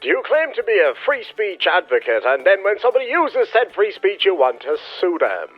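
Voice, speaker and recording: A man voicing a pompous male lawyer's recorded phone message, delivered in a smarmy sales-pitch manner. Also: sing-song, brisk. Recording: tinny phone line with music behind.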